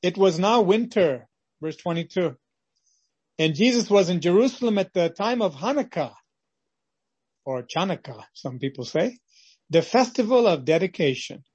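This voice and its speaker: Male preacher, husky and fairly high, dry close recording, dramatic storyteller. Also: lively intonation, normal speed, pauses often, darkish tone, dry recording, muffled recording. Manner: dramatic storytelling, acts out scenes. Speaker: pastor. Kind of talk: devotional sermon.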